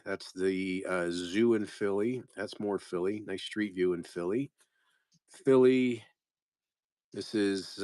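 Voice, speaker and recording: Low-voiced man rambling through postcards. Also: no room sound, clean studio sound. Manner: rambling, reads out place names, talks to viewers by name. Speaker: postcard seller on a live stream. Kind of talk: casual live-sale commentary.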